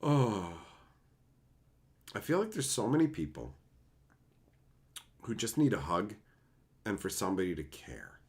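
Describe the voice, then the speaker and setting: A man from Canada streaming live, reading chat and joking crudely with lots of laughter, sometimes dropping into low, earnest advice. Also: big pitch swings, measured pace, long pauses, a little mellow.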